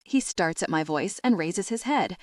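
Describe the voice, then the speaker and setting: Animated woman narrating a comic audiobook. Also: fairly low pitch, moderate pace, dry recording, clean studio sound. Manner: animated, expressive. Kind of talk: comic first-person narration.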